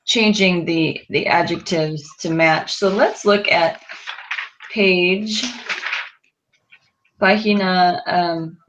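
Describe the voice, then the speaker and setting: A woman's voice: on the low side, steady tone, slow, long pauses, noisy background. Woman teaching a Spanish class. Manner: patient, prompting with questions, many fillers. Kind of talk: classroom lesson going over exercises.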